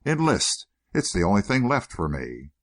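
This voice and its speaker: An impulsive nineteen-year-old, as a man acts him out, straining against his elders in urgent, pleading bursts. The voice runs low but leaps around with agitation. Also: huge pitch swings, moderate pace.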